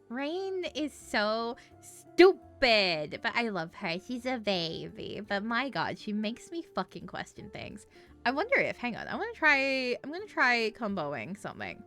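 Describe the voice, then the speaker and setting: A woman's voice: a little high, huge pitch swings, slow, sharp tone, soft background music. A woman streamer chatting casually, giggling often and swearing freely.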